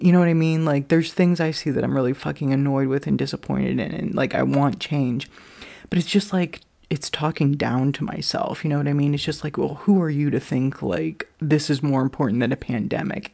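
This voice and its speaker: Woman with heavy vocal fry. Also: low-pitched, warm tone. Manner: emotional, confessional, heavy use of "like" and "you know what I mean"; swears freely. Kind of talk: candid personal vlog.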